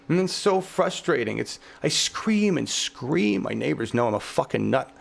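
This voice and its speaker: A man's voice: mid-range voice, very animated, normal speed, creaky, hardly any pauses. A male show host delivering a heated political podcast rant, swearing heavily, fervent and exasperated.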